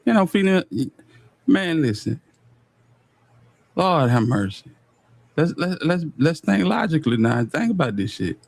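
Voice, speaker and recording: A man's voice: a little high, a little slow, creaky, pauses often, no room sound. Exasperated Southern man reacting live. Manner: animated, exasperated, slangy, swearing. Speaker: streamer reacting to a court case. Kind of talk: casual live-stream commentary.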